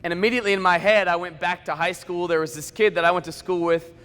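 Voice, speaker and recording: A man in his twenties, a motivational speaker, telling stories at a school assembly in an animated, conversational way with comic asides. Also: high-pitched, fast. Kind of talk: school assembly keynote storytelling. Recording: echoey school hall reverb.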